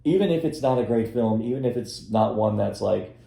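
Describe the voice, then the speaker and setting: Gravelly man rambling in an echoey room. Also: lowish voice, animated, brisk, warm tone. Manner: rambling, many restarts. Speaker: podcast co-host reviewing films. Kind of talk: casual chat.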